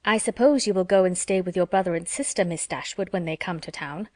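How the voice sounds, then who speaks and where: A woman's voice: fairly low pitch, brisk, no room sound, natural voice. A woman reading an audiobook, voicing a sly young woman who gushes with pointed hints. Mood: gushing.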